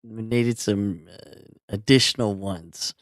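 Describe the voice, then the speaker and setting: A man co-hosting a podcast, talking in a relaxed, drawling way with frequent asides. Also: fairly low pitch, takes it slowly, no echo, studio quality. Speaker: podcast co-host. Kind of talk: casual chat.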